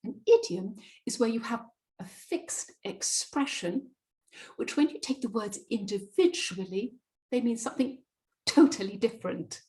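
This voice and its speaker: A British woman giving a webinar as a presentation skills coach, speaking deliberately with emphatic pauses and stressed words. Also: fairly high pitch, expressive, dark tone, rough recording. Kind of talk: webinar talk.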